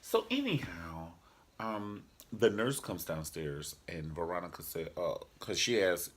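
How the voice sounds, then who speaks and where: Sassy, husky man reviewing TV. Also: deep voice, measured pace. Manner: animated, sassy, joking. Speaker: TV show reviewer. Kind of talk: casual vlog chat.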